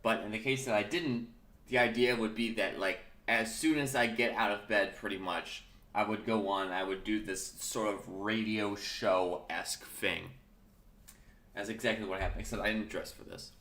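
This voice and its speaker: A man's voice: fairly low pitch, steady tone, normal speed, fairly bright tone, reverberant. Chatty man with a morning voice. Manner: chatty, rambling, self-correcting. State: early-morning voice. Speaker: podcast host. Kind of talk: casual solo talk show.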